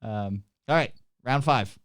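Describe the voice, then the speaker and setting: A man's voice: medium pitch, takes it slowly, a bit bright, clean tone, dry recording, clean studio sound. A Canadian man hosting a comedy podcast, riffing in casual banter and laughing often between jokes. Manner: laughs often, riffs in put-on voices. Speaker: podcast host.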